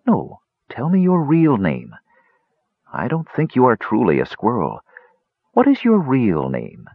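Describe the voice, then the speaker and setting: A man voicing a gentle, watchful male cat who talks in a soft, coaxing, purring way. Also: mid-range voice, wildly swooping pitch, measured pace, dry recording, phone-quality sound, pitched above the performer's own voice, heavily acted.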